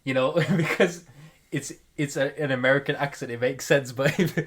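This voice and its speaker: A man's voice: moderate pace, fairly bright tone, breathy edge. A young man co-hosting a podcast in casual chat, easygoing and often chuckling. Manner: easygoing, chuckling, low-key. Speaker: podcast co-host.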